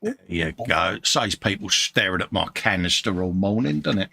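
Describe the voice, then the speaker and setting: A man's voice: low-pitched, animated, normal speed, vocal fry, bright, forceful tone, slightly rough. A man from the UK co-hosting a live stream, reading out chat messages in a chummy way and calling everyone mate. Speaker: co-host of a live model-building stream.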